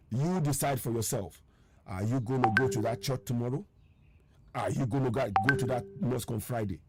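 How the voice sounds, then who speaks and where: Insistent man with a mellow, strained voice. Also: medium pitch. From Nigeria. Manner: urgent, insistent, repeating his points; reads out viewer names and answers their comments. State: strained, tired voice. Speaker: online broadcast host. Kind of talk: impassioned live-stream address.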